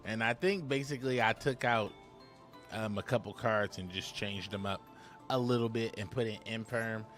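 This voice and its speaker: A man's voice: on the low side, moderate pace, a bit bright, soft background music. Hyped man doing card game commentary. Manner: hyped, slangy, repeats "my boy". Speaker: gaming YouTuber. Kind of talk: casual gameplay commentary.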